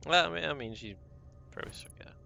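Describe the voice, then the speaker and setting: A man's voice: a little high, quick pace, gravelly, music in the background. A man streaming a horror game, joking around, laughing at himself and stammering playfully. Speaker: gaming streamer. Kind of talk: let's-play commentary.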